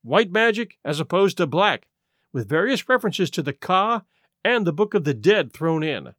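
High, animated male audiobook reader. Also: normal speed, no room sound, studio quality. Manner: expressive, animated reading. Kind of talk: scripted first-person narration.

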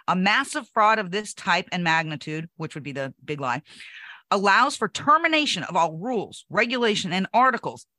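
A woman's voice: medium pitch, pushed and bright, no room sound, clean studio sound. A woman co-hosting a political talk show, speaking emphatically and indignantly, often laughing. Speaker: co-host.

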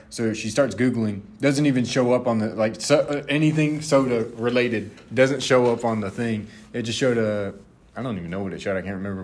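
Young man, low voice, podcast co-host, loose rambling delivery. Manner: rambling storyteller, many restarts. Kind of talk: casual chat.

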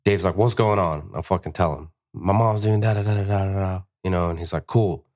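A man, a tattoo artist and podcast guest, telling stories in a casual, profane, animated way, often acting out what people said. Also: low voice, fast. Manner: profane, animated, acts out quotes. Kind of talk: casual storytelling.

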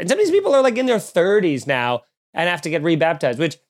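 A young man with a somewhat higher-pitched voice co-hosts a loose comedic chat. He riffs with sarcasm and profanity and slips into mock voices as he goes. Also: wildly swooping pitch, quick pace. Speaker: podcast co-host.

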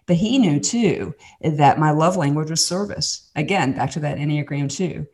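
A low-pitched woman with a Southern American accent talks casually about faith. Her delivery is earnest and chatty, and she acts out quotes as she tells her stories. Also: moderate pace, darkish tone. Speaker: podcast host and guest storyteller.

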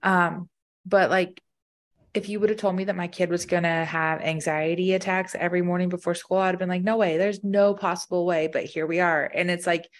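Candid woman with a lowish voice. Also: fairly even intonation, brisk. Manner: candid, earnest, says "like" a lot. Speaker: podcast co-host. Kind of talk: casual chat.

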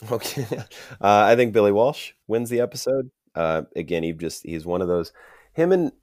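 Chatting casually on a podcast he co-hosts, this young man is enthusiastic, calls people "dude" and acts out quotes. He speaks at normal speed with a fairly low, expressive, darkish voice. The sound is studio quality with no echo.

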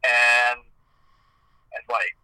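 A man's voice: medium pitch, monotone, drawn-out words, bright, forceful tone, smooth, no echo, rough recording. A man from Eastern Ontario, a guest on a podcast interview, telling stories in a chatty way full of "like" and "you know.". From Eastern Ontario, Canada. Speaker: guest, hockey video game commentator.

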